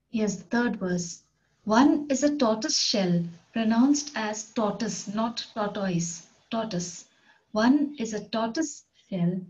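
A woman's voice: medium pitch, darkish tone, dull audio. A woman teaching an English poetry lesson, reading each line and then explaining the words in simple terms.

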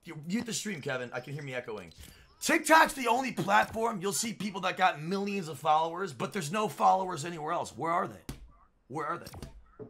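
A young man streaming a game, trash-talking and yelling in casual banter. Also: high voice, animated, brisk, gravelly. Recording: noisy game voice chat.

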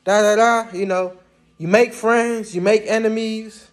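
A man's voice: high voice, steady tone, measured pace. A young man casually telling a story to the camera in a slangy, laid-back way, often tossing in words like "man" and "bruh". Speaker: vlogger recounting Army basic training.

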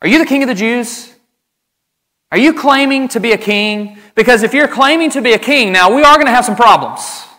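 A man voicing an exasperated Roman governor in a loud, casual, impatient way during a sermon. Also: extremely high pitch, brisk, pitched above the performer's own voice. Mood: alarmed. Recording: reverberant church hall.

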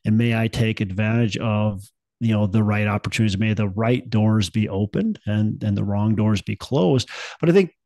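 Gravelly-voiced man hosting a chatty podcast. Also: lowish voice, moderate pace, a little mellow, no echo. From Minnesota. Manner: rambling, upbeat, many fillers and restarts. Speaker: podcast host. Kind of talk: casual podcast chat.

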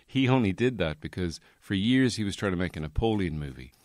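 A man's voice: sits low, lively intonation, fairly quick, a little mellow, dry recording, clean studio sound. A man, hosting a podcast in a rambling, digressive solo monologue full of fillers. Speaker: podcast host.

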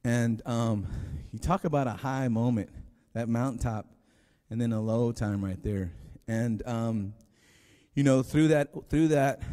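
A man's voice: medium pitch, warm tone. A man preaching a sermon as pastor, telling a story in a rambling, conversational way with many restarts. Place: church sanctuary. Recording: long hall reverb.

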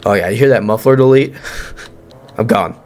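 A young man giving let's-play commentary on a horror game, excitable, joking and swearing as he reacts. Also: on the low side, moderate pace. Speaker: gaming YouTuber.

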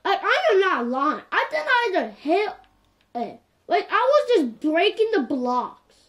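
A woman giving casual, animated commentary while playing a game. She sounds exasperated and keeps coming back to the same complaints. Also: extremely high pitch, a little slow. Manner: animated and exasperated, repeats "like, for real". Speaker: gameplay commentator.

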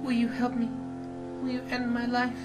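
A gamer voicing a grieving young widow in a soft, quiet, mournful way, over loud game music. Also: medium pitch, completely flat delivery, normal speed, voice pushed up, lightly acted, low-quality recording.

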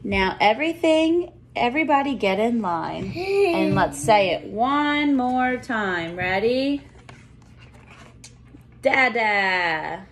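A woman teacher reading a picture book aloud to young children in a slow, sing-song way, with playful animal noises. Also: medium pitch, fairly bright tone, a little hiss or hum.

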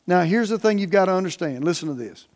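Sermonizing male pastor with a high voice. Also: animated, quick pace. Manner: emphatic preaching, swings from loud stresses to quiet asides; folksy, plain-spoken.

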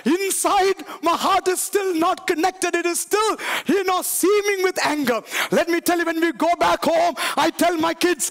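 A male pastor preaches with a very high, gravelly voice. He shouts his lines with emphatic energy and keeps calling on the congregation to answer him back. He sounds middle-aged, and he is speaking in a church. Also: normal speed, long reverb tail. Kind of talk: sermon. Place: church sanctuary.

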